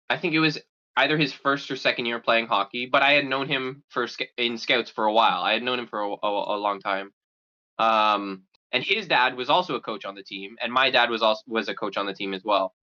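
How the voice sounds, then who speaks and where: A man's voice: mid-range voice, pushed and bright, dull audio. A young man casually telling a story on a podcast, rambling with fillers and restarts. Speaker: podcast co-host.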